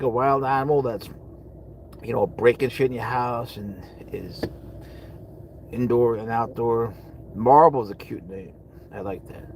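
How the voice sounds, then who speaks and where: A man of middling pitch hosts a loose, rambling livestream from his parked car. He chats with viewers and answers their comments, often trailing off into low mutters. Faint vehicle noise hums underneath. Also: poor audio. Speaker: livestream host. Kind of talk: casual live chat with viewers.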